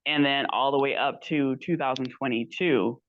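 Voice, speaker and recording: Her very deep voice moves at normal speed as she, a guest on a podcast, rambles through a casual story and acts out others' quoted lines. The recording is muffled.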